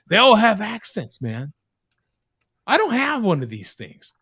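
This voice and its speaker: A man's voice: high voice, huge pitch swings, unhurried, pushed and bright, husky, no room sound, clean studio sound. A man hosting a casual live-streamed chat over video call, rambling and joking, often repeating his words. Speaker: host.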